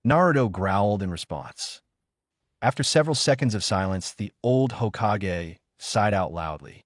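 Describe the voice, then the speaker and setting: A man reading fan fiction aloud with expressive storytelling. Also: fairly low pitch, a little slow, no echo, clean studio sound. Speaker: reader.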